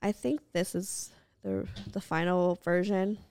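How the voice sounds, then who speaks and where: A woman's voice: lowish voice, fairly even intonation, a little mellow, clean tone. Giggly woman co-hosting a casual podcast. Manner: giggly, chatty, quick to laugh. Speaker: podcast co-host. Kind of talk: casual chat.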